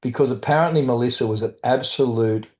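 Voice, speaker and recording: A middle-aged man, a guest, candidly telling personal stories in conversation, halting and restarting as he goes. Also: medium pitch, a little mellow. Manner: halting, with restarts and brief quoted voices. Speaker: guest, author and trauma survivor.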